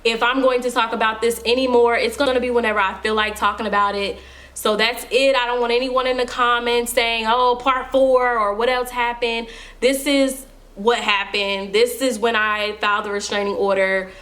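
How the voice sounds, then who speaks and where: A woman's voice: fairly high pitch, fairly even intonation, normal speed, fairly bright tone. A young woman telling a personal story to her viewers in a casual, emphatic storytime vlog. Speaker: vlogger.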